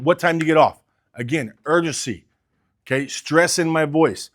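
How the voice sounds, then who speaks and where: A man's voice: on the high side, normal speed, fairly bright tone. A man coaching car salespeople, talking with energy and urgency and acting out sales calls. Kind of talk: sales training talk.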